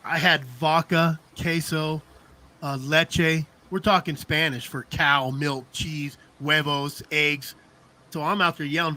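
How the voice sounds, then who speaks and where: A man's voice: fairly high pitch, steady tone, a little slow, pushed and bright. A middle-aged man telling rambling stories in casual chat, laughing often and checking in with "you know what I mean". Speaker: podcast co-host.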